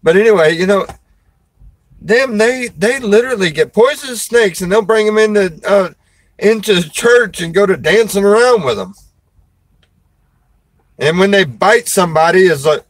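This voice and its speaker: A man's voice: sits high, lively intonation, normal speed, no room sound, rough recording. A man, a preacher and show host, chatting casually in a folksy, rambling way and laughing often. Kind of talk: casual chat.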